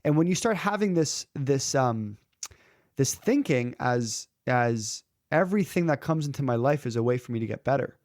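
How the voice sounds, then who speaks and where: Lively male storyteller, dry sound. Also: mid-range voice, normal speed, no room sound. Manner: lively storyteller who acts out quoted characters; frequent filler words and restarts. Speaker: public speaking coach. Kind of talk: conversational interview storytelling.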